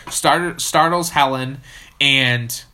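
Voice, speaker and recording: A young man co-hosting a horror movie podcast, chatting casually, swearing constantly and laughing loudly. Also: medium pitch, takes it slowly. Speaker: podcast co-host. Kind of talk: casual profane chat.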